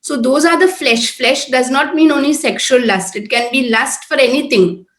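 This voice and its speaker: Middle-aged woman speaker, earnest conversational preaching, higher voice, echoey room. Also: moderate pace, a bit bright. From Oman-based, Indian. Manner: earnest, conversational, repeats tag questions. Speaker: prayer group speaker. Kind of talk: informal sermon talk.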